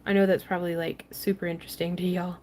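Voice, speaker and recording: A woman's voice: on the low side, little pitch movement, fast talker, a little mellow, a little hiss or hum. A young woman hosting a casual craft tutorial livestream, chatting, laughing often and reading viewer comments aloud as she works.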